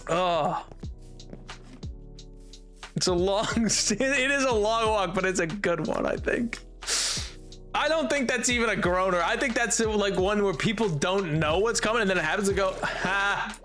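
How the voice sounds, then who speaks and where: Male streamer, high bright voice, giggly, rambling casual chat; faint music underneath. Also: unhurried. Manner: giggly, rambling, stumbles over words.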